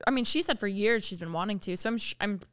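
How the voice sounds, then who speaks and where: A young woman co-hosting a podcast in casual chat, enthusiastic and quick to agree. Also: medium pitch, clear, resonant tone, no echo, clean studio sound. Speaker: podcast co-host.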